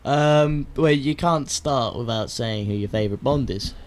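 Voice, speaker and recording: A man's voice: medium pitch, moderate pace, noisy background. A man co-hosting a comedy podcast, talking casually with hesitant fillers and the odd swear word. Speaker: podcast co-host.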